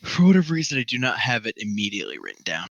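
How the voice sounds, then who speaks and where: A man's voice: mid-range voice, wildly swooping pitch, racing, muffled recording. A man narrating a tabletop game as game master, rambling with lots of fillers and laughing often.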